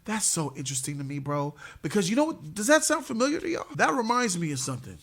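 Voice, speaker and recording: Male fan-channel host, slightly high-pitched, casual hyped commentary, heavy on "bro" slang. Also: fast. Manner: slangy, excitable, says "bro" constantly. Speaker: host of a superhero movie news channel.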